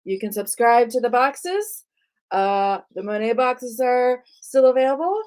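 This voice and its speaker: A woman's voice: on the high side, lively intonation, a little slow, darkish tone. A woman hosting a live art tour for kids, playfully quizzing a child on words and laughing often. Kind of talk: live-stream lesson for kids.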